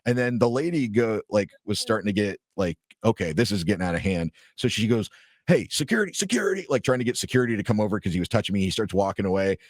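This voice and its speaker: A man's voice: fairly low pitch, quick pace, few pauses, a little mellow, dry recording, studio quality. A man co-hosting a podcast, telling a story casually and animatedly, swearing freely and acting out what people said. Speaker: podcast co-host.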